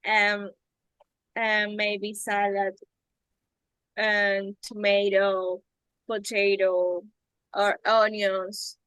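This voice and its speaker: A young Ecuadorian woman, a native Spanish speaker, answering in halting learner English with many pauses and fillers. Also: mid-range voice, flat delivery, fairly bright tone, no room sound, rough recording. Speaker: student.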